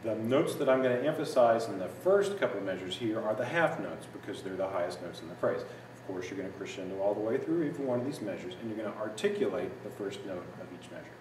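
A lower-voiced man walks students through a sax part one note at a time, patient and methodical, now and then scatting the rhythm. He sounds some way off from the mic in an echoey room, with steady noise behind him. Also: fast, few pauses, recorded from a distance. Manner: patient, methodical, sings phrases in scat syllables. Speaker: music teacher. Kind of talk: instructional walkthrough.

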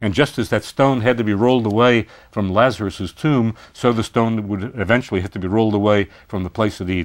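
A man giving a university literature lecture, speaking expressively and posing rhetorical questions. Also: fairly low pitch.

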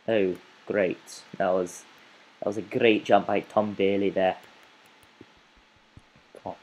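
A man's voice: sits low, steady tone, slow, darkish tone, rough recording. A man giving playful, rambling let's play commentary as a gaming channel host, chatting to the animals in his game.

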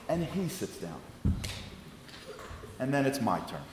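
Man, New York accent, animated comic storytelling, lecture, roomy echo, faint ambience. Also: medium pitch, takes it slowly, pauses often, a little hiss or hum. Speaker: public speaker. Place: large congregation hall with audience.

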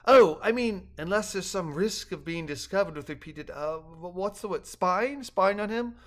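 Ed, an earnest and slightly flustered storybook man, read by an older man, raising his voice higher than usual and fumbling a little for words. He sounds eager to help. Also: animated, normal speed, fairly bright tone.

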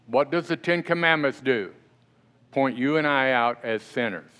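A man's voice: mid-range voice, moderate pace, fairly bright tone, clear, resonant tone. A middle-aged male pastor preaching a sermon in a church, talking conversationally and often asking the congregation questions. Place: church sanctuary.

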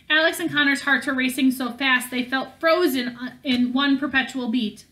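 A woman reading a novel aloud in a steady manner, with small slips and restarts along the way. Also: high-pitched, moderate pace, few pauses. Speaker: audiobook reader.

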